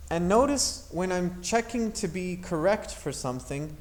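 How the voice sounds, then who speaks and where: A man's voice: high-pitched, expressive, moderate pace, few pauses. Patient man teaching English grammar. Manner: patient, explanatory, models intonation aloud. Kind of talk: grammar lesson.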